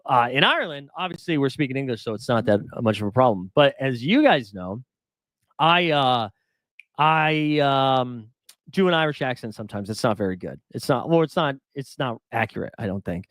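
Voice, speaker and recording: A man's voice: medium pitch, expressive, moderate pace, a bit bright, dry recording, studio quality. A man hosting a casual fantasy baseball stream, rambling and self-deprecating, chuckling as he talks. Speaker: fantasy baseball show host. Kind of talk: casual live-stream chat.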